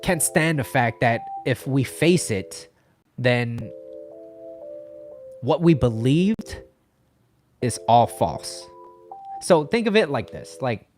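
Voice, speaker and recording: A man's voice: mid-range voice, expressive, takes it slowly, long pauses, a little mellow, soft background music. Man giving rambling dating advice. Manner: rambling, repeats himself, checks in with "okay?". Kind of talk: casual advice monologue.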